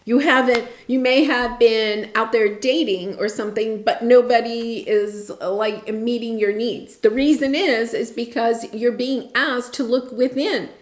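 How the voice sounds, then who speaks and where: Woman tarot reader, chatty and encouraging, slightly high voice, roomy echo. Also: steady tone, a little slow, hardly any pauses. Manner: chatty, encouraging, checks in with "right?" and "okay?". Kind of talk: casual tarot reading.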